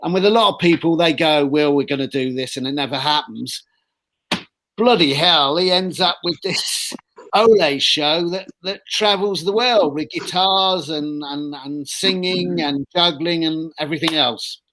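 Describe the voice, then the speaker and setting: A man hosting a casual chat, excitable, with the odd swear word for emphasis. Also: a little high, a little slow. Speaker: host.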